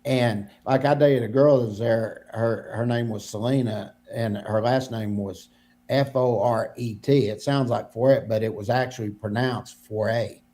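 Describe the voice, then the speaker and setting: A man's voice: medium pitch, fairly even intonation, normal speed, mellow. A man co-hosting a podcast, telling stories in a rambling, repetitive way. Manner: rambling storyteller, repeats himself. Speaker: podcast co-host. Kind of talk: casual podcast chat.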